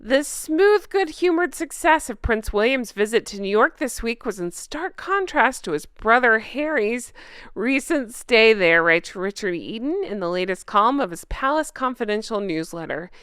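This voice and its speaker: Woman host, casual gossip commentary, sarcastic, laughs a lot, smooth voice. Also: on the high side, sing-song, normal speed, fairly bright tone, dry recording, studio quality. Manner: reads news articles aloud. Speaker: royal commentary channel host.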